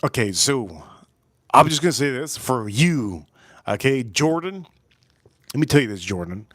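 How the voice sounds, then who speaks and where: Lively rambling man on a livestream. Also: medium pitch, measured pace, no echo, studio quality. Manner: rambling, repeats himself, joking asides to chat. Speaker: livestream host reviewing whiskey. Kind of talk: casual livestream chat.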